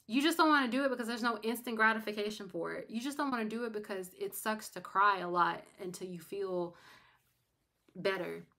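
Bright-voiced young woman streamer, emphatic. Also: medium pitch, brisk. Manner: animated, emphatic, talks to viewers directly. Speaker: livestream host. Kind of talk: casual livestream chat.

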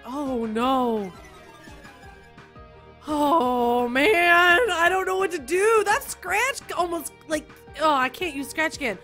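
A young woman giving excited let's-play commentary, giggling often and jumping from loud squeals to quiet mumbles. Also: high voice, slow pace, soft background music. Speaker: gaming YouTuber.

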